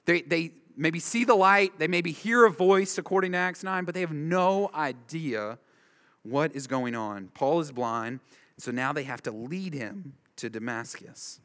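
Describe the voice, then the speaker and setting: A man's voice: fairly high pitch, lively intonation, a little slow, a bit bright. A man preaching an expository sermon as a preacher, emphatic and driving home his points with repeated short phrases. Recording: long reverb of a large hall.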